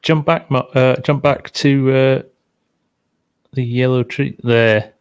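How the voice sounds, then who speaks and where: Male co-host talking casually about a game, unsure and thinking out loud. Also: mid-range voice, fairly even intonation, slow pace, smooth. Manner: speculative, hedging, trails off. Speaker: co-host, farming game streamer. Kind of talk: casual chat.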